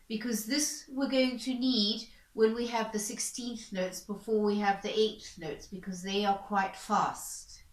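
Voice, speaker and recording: Woman, violin teacher, bright voice, calm patient step-by-step explanation, echoey room. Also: fairly high pitch. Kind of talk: instructional explanation. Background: violin playing between explanations.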